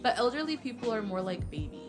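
A young woman working as a nursing assistant, chatting casually and telling lively work stories, acting out quoted voices and swearing freely. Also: fairly high pitch, fast, music in the background. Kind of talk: casual podcast chat.

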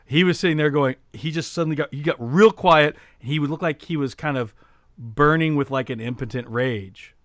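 A man co-hosting a podcast, telling a story in casual chat with many restarts, getting loud and lively as he retells it. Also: a little high, a little fast, no echo, clean studio sound. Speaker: podcast co-host.

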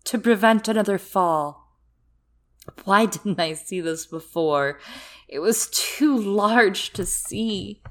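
A woman reading aloud as a cold, scheming mother who gives loud, imperious commands. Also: medium pitch, slow pace, pitched above the performer's own voice. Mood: triumphant.

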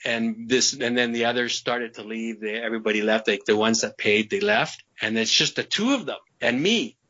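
A man's voice: lowish voice, fairly quick, sharp tone. A man being interviewed, telling a long personal story in a casual, rambling way, repeating words and laughing between sentences. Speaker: interview guest. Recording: slightly muffled lo-fi audio.

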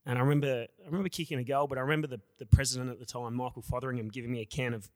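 A man's voice: medium pitch, fairly even intonation, racing, darkish tone, dry recording. An Australian man in his thirties, a podcast guest, recalling old matches in a reflective, rambling way. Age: 30s. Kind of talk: casual interview.

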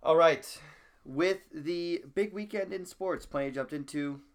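A man's voice: a little high, unhurried. A man co-hosting a casual sports podcast, rambling through stories with lots of fillers. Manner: rambling, filler-heavy, animated storytelling. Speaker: podcast co-host.

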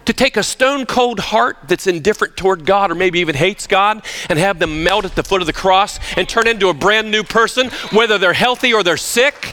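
Bright-voiced, animated preacher man. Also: high voice, fairly quick, hardly any pauses, a little hiss or hum. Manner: emphatic, animated, with frequent restarts. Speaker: pastor. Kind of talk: sermon. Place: church sanctuary.

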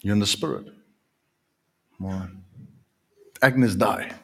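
A man, preaching a sermon with emphatic, drawn-out repetitions that swing from quiet to loud. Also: on the low side, gravelly, slightly rough. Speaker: pastor.

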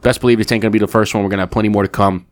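A man's voice: lowish voice, little pitch movement, rapid-fire. A man in his thirties co-hosting a podcast, telling a story in casual, profanity-laced chat. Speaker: podcast co-host.

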